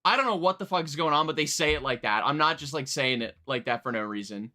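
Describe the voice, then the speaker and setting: A young man chatting casually on a live music-reaction stream, rambling, excitable, and swearing freely. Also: a little high, fast talker. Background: faint music playing.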